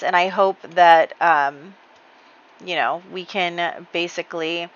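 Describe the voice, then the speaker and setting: A woman's voice: on the low side, fairly bright tone, muffled recording. A woman hosting a game channel, telling the story of her play session in a casual, chatty way with many fillers and light laughs.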